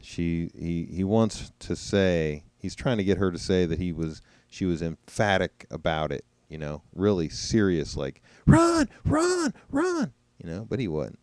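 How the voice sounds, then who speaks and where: A man talks through his commentary in a loose, conversational way, pausing to muse. His voice is very deep and mellow, smooth and resonant. The recording is close and dry, with no room sound. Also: no room sound. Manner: conversational, musing, mocking imitations. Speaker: commentator reacting to trial footage. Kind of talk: casual commentary over clips.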